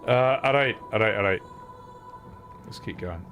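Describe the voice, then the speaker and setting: A man's voice: on the low side, measured pace, highs cut off, soft background music. A man streaming and chatting casually with his viewers, playful and swearing, cooing at his cat. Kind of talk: casual live-stream chat.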